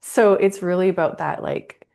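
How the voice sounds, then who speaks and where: A woman's voice: lowish voice, normal speed, vocal fry. A middle-aged woman speaking as a guest on a podcast. She talks casually, with enthusiasm and frequent laughter. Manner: enthusiastic and expressive, laughs easily. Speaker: podcast guest, creative professional.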